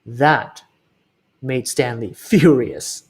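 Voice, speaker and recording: A man reading a children's book aloud in an expressive way, slowing down for emphasis. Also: medium pitch, husky. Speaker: reader.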